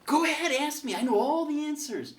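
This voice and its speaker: A man's voice: extremely high pitch, expressive, fairly quick, pitched above the performer's own voice. A man voicing God as a cheerful, hospitable host in a joke he tells to a class. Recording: voice picked up from a distance.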